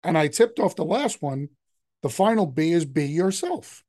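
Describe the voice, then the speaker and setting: Emphatic older man, slightly high voice. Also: expressive, normal speed, dark tone. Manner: emphatic, conversational, with frequent jumps in pitch for emphasis. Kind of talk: motivational talk.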